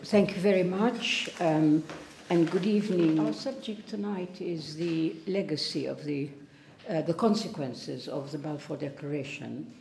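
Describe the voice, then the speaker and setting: Gravelly-voiced woman addressing a debate. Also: low voice, unhurried, a little mellow, slight background noise. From Palestine. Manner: earnest, restarts and stumbles over words. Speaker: invited speaker. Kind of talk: prepared debate talk. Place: lecture hall. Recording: roomy hall echo.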